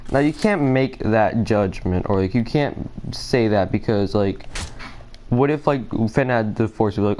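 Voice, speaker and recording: A man's voice: medium pitch, measured pace, darkish tone, slight background noise. A man talking through a theory while playing a shooter game, hesitant and distracted, with many fillers and restarts. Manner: distracted, nervous, apologetic. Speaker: gaming video creator.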